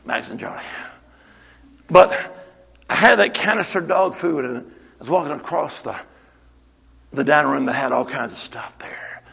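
A man preaching a sermon to his church, moving from quiet storytelling to shouted exhortation. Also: a little high, moderate pace, creaky, long pauses, breathy edge, long reverb tail. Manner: builds from hushed storytelling to shouted call-and-response exhortation. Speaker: pastor.

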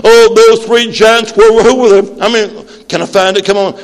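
A man in his sixties preaching a Pentecostal sermon. He calls for amens, shouts and sings out his lines. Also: high voice, fairly even intonation, normal speed. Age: 60s. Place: church sanctuary. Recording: long hall reverb.

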